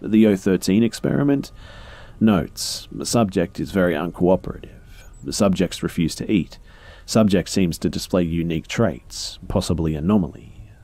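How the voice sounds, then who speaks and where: A man reading a document aloud in a plain, even narration. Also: deep voice, normal speed, dry recording. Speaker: reader of in-game documents.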